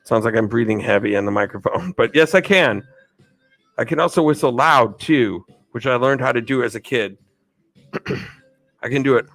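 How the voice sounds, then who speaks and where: A man's voice: medium pitch, expressive, normal speed, pauses often, a bit bright, faint music behind, rough recording. A man hosting a live stream, answering chat questions in a chatty way, laughing often and losing his train of thought. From United States. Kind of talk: casual chat.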